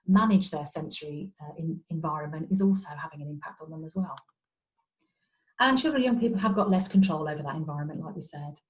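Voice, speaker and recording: A woman's voice: on the low side, low-quality recording. A woman, a speech and language therapist, giving a training talk over a video call in a chatty, explaining way. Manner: warm conversational explaining, many fillers and repetitions. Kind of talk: online training presentation.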